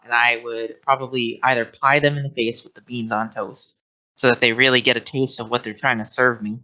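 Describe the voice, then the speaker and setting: A man's voice: medium pitch, flat delivery, a little fast, sharp tone, low-quality recording. A man appearing as a podcast guest, chatting in a laid-back, rambling way with lots of fillers. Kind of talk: casual podcast chat.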